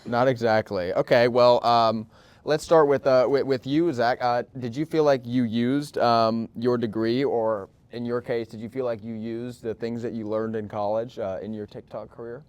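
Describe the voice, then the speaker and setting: A man's voice: medium pitch, steady tone, moderate pace, a little mellow, clear, resonant tone, lo-fi sound. A man hosting a live talk show, joking and teasing between questions. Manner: joking, playful asides.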